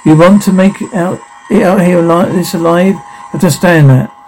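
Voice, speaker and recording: A curt, cryptic middle-aged occult investigator, played by a man in an amateur audio drama. The voice is mellow and warm, a little high for a man. He talks in clipped, knowing statements. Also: steady tone, normal speed, a little hiss or hum, close to an everyday voice, rough recording.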